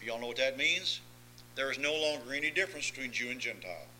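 A man preaching a sermon, swinging between soft asides and loud emphatic lines, often asking the congregation if they follow. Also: mid-range voice, fast, a little hiss or hum, rough recording. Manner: folksy, asks listeners if they follow.

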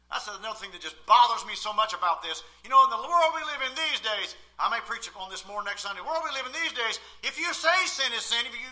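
A male pastor preaching a sermon from the pulpit in a church, swinging between loud emphatic outbursts and quiet asides. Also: extremely high pitch, lively intonation, fast, hardly any pauses.

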